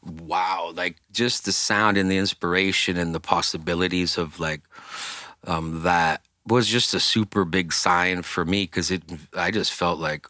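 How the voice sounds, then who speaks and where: A man's voice: sits low, fairly even intonation, measured pace, pushed and bright, dry recording, studio quality. A man being interviewed as a rock singer, rambling through casual stories and swearing often. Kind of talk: casual storytelling.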